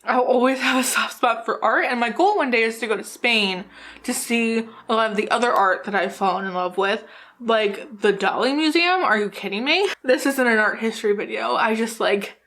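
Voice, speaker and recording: Her voice on the high side and a bit bright, a makeup YouTuber from New Jersey giggles and rambles through casual vlog chat. She's tipsy from drinking and swears freely.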